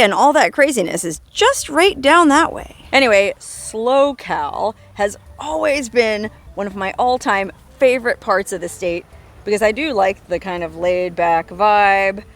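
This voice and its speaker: A woman narrating a travel vlog outdoors on a coastal trail, in a wry, joking, self-mocking way. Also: medium pitch. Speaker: travel vlogger.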